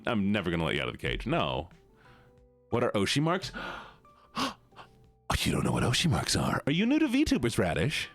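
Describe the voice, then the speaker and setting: A man's voice: on the low side, no echo. A man chatting playfully and teasingly with his chat on a live stream.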